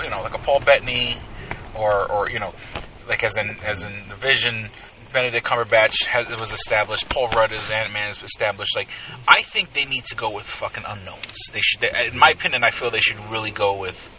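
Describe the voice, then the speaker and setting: A man co-hosting a casual podcast, rambling and halting, with lots of laughter between lines. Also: on the low side, far from the mic, a crowd in the background, poor audio. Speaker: podcast co-host. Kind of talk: casual banter.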